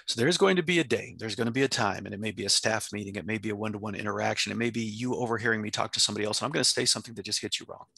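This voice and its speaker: A man's voice: on the low side, very fast, creaky, hardly any pauses, bright, forceful tone, husky, no room sound. A man who leads a company, answering interview questions in a passionate, emphatic way. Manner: intense, emphatic, acts out his own quoted speech. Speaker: company president and CEO, guest.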